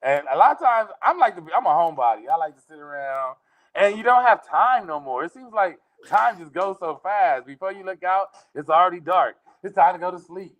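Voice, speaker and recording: A middle-aged man, a comedian guest, telling casual funny stories with lots of laughter and sudden jumps into high mock voices. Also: animated, a little fast, a bit bright.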